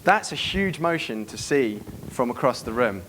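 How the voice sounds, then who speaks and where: A man's voice: mid-range voice, expressive, normal speed, fairly bright tone, a little hiss or hum. A man giving a live seminar talk to an audience, brash and profane, acting out bits of dialogue as he teaches. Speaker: dating coach giving a seminar.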